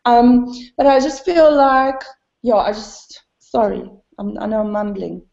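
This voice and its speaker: A woman's voice: fairly even intonation, a little slow, vocal fry, darkish tone. A woman speaking candidly in a spiritual conversation, rambling with many fillers and laughing at herself. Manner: self-deprecating, laughs often. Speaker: satsang participant. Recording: dull, roomy, low-fidelity.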